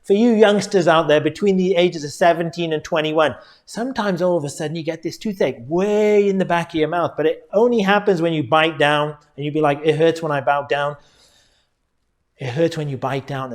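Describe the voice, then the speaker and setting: A middle-aged man with a slightly higher voice, speaking as a dentist explaining things to his viewers. He talks earnestly and directly, often calling his audience folks. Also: a little fast, hardly any pauses. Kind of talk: educational talk to viewers.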